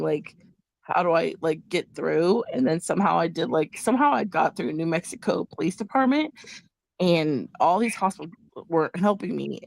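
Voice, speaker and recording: A woman host in a casual chat, telling a personal story in an animated way and acting out the voices she quotes. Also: lowish voice, vocal fry, no room sound.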